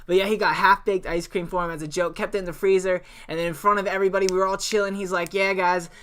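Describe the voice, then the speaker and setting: A man's voice: high-pitched, fairly even intonation, very fast, pushed and bright, smooth. A young man hosting a gaming channel, telling a story over gameplay in a laid-back way, swearing freely and rambling with restarts.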